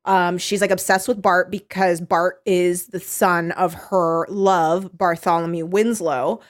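A woman's voice: lowish voice, fairly even intonation, measured pace. A woman in casual conversation, recapping a book in a loose, rambling way. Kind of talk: casual chat about a book.

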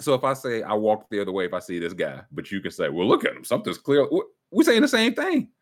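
A man's voice: on the low side, wildly swooping pitch, quick pace. A man chatting casually on a livestream, joking around in playful banter. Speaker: streamer.

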